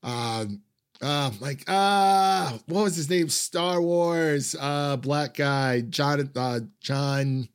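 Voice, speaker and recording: A man's voice: on the high side, drawn-out words, clear, resonant tone, no echo, studio quality. A man chatting casually about a film, rambling with many fillers and frequent laughs. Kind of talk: casual film review chat.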